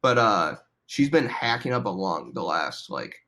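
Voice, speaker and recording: A man's voice: deep voice, measured pace. A young man chatting casually as a podcast guest, telling rambling stories full of "like". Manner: animated storytelling, heavy use of "like". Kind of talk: casual chat.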